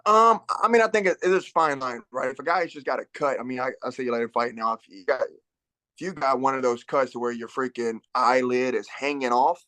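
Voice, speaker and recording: A man in his thirties talks easily through fight stories on a podcast, full of fillers and restarts. His voice sits at an ordinary middle pitch. The sound is dry and close, with no room around it. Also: brisk, pushed and bright, no echo. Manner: laid-back storyteller, many fillers and restarts. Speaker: UFC fighter guest. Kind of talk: casual podcast interview.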